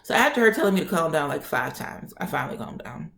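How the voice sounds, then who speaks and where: Feisty, animated young woman in an echoey room. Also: deep voice, fast, creaky. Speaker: vlogger. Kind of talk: casual storytime. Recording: roomy echo.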